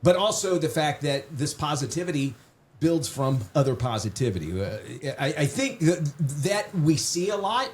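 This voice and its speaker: A man hosts a relaxed interview, winding through long, meandering questions. His voice sits slightly high for a man. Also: normal speed. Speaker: host. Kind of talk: casual interview.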